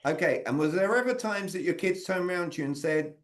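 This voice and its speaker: A man's voice: high-pitched, fairly quick. A man leading an interactive online training talk on sales communication, quizzing his audience by name over a video call.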